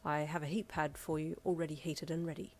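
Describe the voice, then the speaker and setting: A woman's voice: low-pitched, fairly even intonation, brisk, slight background noise, lightly acted. A woman voicing a polite, earnest teenage boyfriend who speaks in stiff, formal sentences in a fan fiction audio reading. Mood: gentle.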